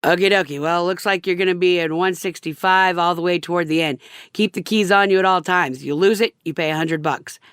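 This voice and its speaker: A woman's voice: on the low side, a little fast, a bit bright, clean tone, dry recording, clean studio sound, lightly acted. A woman voicing a greasy, folksy male motel clerk in an audiobook-style story. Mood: offhand. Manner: folksy, offhand.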